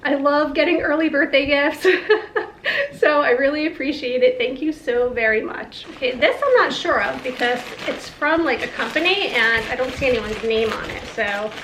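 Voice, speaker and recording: Gushing high-voiced woman vlogger. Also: normal speed, slight background noise. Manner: gushing, excitable, laughs often. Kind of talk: casual vlog, opening gifts. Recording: echoey room with faint ambience.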